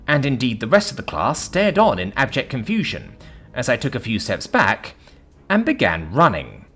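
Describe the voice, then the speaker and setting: A man narrating a first-person story in a lively, dramatic reading style. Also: medium pitch, breathy edge.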